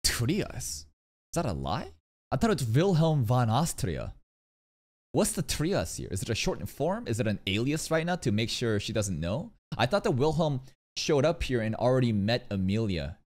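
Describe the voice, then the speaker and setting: A man live-streaming his reaction to an anime, talking excitably and swearing freely as he fires off rhetorical questions. His voice sits at a middling pitch but swings widely up and down. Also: moderate pace.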